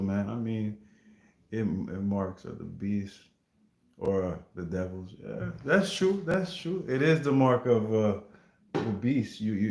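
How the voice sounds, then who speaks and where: A man's voice: fairly low pitch, roomy sound. A man hosting a casual livestream, chatting with viewers in a rambling, laid-back way. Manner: rambling, laid-back, heavy use of filler phrases like "you know what I mean". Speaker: livestream reaction host.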